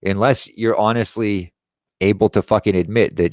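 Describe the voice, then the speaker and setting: A man with a very low voice delivers a profane, sarcastic rant as host of his own online show. The sound is close and dry, with no room around him. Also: fairly even intonation, normal speed, darkish tone, no room sound. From Quebec. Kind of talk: ranting commentary.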